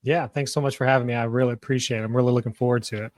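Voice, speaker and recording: A man's voice: medium pitch, fairly even intonation, very fast, darkish tone, no room sound, studio quality. A man being interviewed on a podcast, answering in a casual, rambling way with lots of filler words. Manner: rambling, heavy on fillers like "you know". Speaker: podcast guest, web designer.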